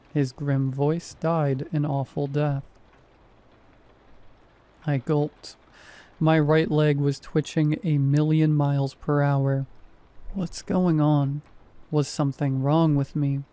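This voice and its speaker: A man in his thirties reading a first-person horror story in a measured, wry, deadpan way. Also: a little high. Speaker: narrator.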